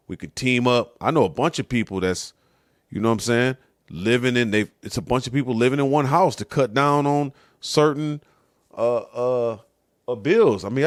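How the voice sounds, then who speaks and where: A man's voice: medium pitch, no room sound, studio quality. A man hosting his show, talking through a casual, conversational monologue. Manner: conversational, says "you know what I'm saying". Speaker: host.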